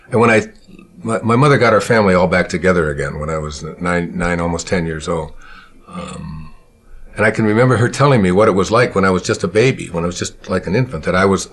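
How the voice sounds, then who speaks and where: Deep, husky-voiced man reminiscing. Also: a bit bright. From Michigan, USA. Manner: unhurried, reflective, often pausing to search for words. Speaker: speaker recalling his childhood. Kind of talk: personal storytelling.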